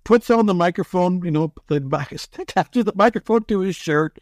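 A sports broadcaster, a man, telling excitable stories as a guest on a podcast interview. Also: high voice, a little slow, dry recording, studio quality. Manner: animated, excitable storyteller.

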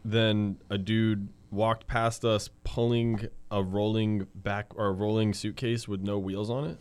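A man's voice: on the low side, flat delivery, a little slow, darkish tone, clear, resonant tone. A man co-hosting a podcast in casual chat, laid-back, teasing and profane. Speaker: podcast co-host.

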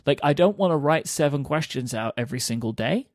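A man's voice: medium pitch, expressive, brisk, no room sound. A man with a mid-range voice talks through his thinking on a podcast. He sounds earnest and explanatory, often checking in with "right?" The sound is dry and close. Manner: earnest, explanatory, laughs easily. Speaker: podcast co-host. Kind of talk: casual book discussion.

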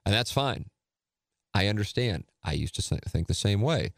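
A middle-aged man with a very low voice talks calmly through his podcast, measured and conversational. The sound is dry and close, with no room around it. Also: vocal fry, no room sound. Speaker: podcast host. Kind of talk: casual solo talk and live read.

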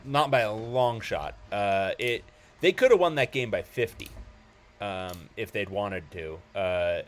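A man's voice: fairly low pitch, expressive, unhurried. A man hosting a casual sports podcast, talking loosely with lots of ums and restarts. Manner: hesitant, many ums and restarts.

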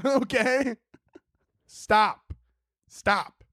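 High-voiced young man ranting on his podcast. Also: very slow, no room sound, studio quality. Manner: animated, profane, mocking impressions of people. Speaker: podcast host. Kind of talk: casual solo podcast rant. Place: indoors at home.

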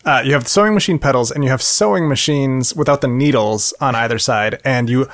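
A man's voice: medium pitch, brisk. Joking male podcast co-host. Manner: jokey, chimes in with tech details. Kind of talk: casual podcast chat.

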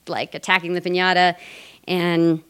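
A woman's voice: fairly low pitch, flat delivery, moderate pace, fairly bright tone, smooth. A woman from Colorado telling a personal story on stage, chatty and casual, laughing often. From Colorado, USA. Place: theater stage before a live audience.

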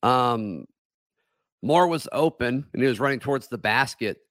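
A man hosting a casual sports talk stream, hoarse from yelling, rambling with many fillers and restarts. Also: medium pitch, animated, normal speed, dry recording, clean studio sound.

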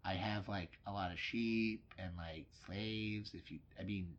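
Man playing a scared young guy, hushed, low, mumbling, nervous. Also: fairly even intonation, measured pace, muffled recording. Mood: pleading.

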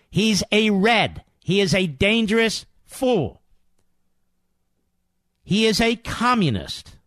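A middle-aged man hosts a political talk radio show, combative and sarcastic, driving his points home through emphatic repetition. His voice is high-pitched and fairly bright, with no echo.

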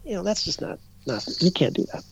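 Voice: medium pitch, sing-song, quick pace, creaky, a little hiss or hum. A psychic guest in an interview, telling stories in a casual, rambling way, restarting sentences and acting out what others said. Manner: rambling, frequent restarts and self-corrections; acts out other people's words when retelling. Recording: dull, dry lo-fi recording.

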